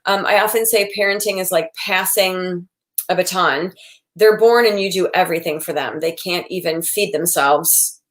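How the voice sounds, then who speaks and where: Her voice is on the low side and a bit bright, at a moderate pace. She is a psychotherapist in her forties giving casual, chatty advice, acting out lines of quoted dialogue.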